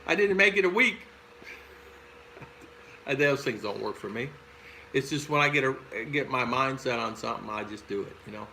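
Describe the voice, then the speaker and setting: A man's voice: mid-range voice, animated, normal speed, vocal fry, pauses often, sharp tone, slight background noise, poor audio. An older man with a Southern American accent, hosting a casual livestream and chatting through viewer comments with frequent chuckles. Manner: rambling, chuckles often. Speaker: host. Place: home in the Philippines.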